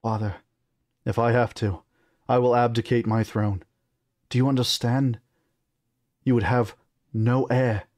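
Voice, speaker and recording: A man's voice: medium pitch, steady tone, measured pace, pauses often, darkish tone, no room sound, clean studio sound, lightly acted. A man reading aloud and voicing a determined young male prince who gives firm, commanding orders.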